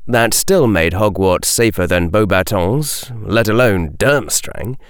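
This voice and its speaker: A man narrates an audiobook in a low, unhurried voice that rises and falls widely as he tells the story. The sound is dry and close, with no room around it. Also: clear, resonant tone, no echo. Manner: expressive storytelling.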